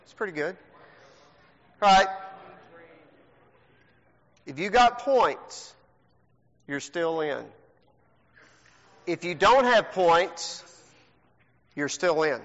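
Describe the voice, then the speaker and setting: Male pastor, high and bright, joking game host; long church reverb, muffled audio. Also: extremely slow, long pauses. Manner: teasing, joking, animated. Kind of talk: playful game hosting to a congregation. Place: church sanctuary. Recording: long hall reverb, dull lo-fi sound.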